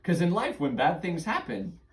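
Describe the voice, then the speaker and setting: A father running a tabletop game for his kids as game master, patient and gently coaxing. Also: high-pitched, very animated, moderate pace.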